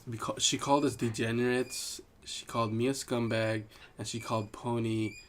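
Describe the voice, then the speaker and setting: A man's voice: medium pitch, flat delivery, normal speed, slight background noise. A man co-hosting a podcast in casual chat, rambling with frequent restarts. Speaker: podcast co-host.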